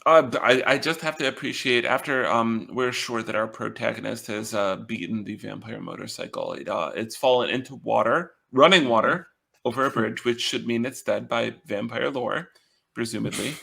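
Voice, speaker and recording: A man with a gravelly, fry-touched voice chats casually as a podcast co-host. He talks haltingly, filling gaps with ums and uhs, and keeps his humor dry and wry. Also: mid-range voice, pushed and bright. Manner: hesitant, full of ums and uhs.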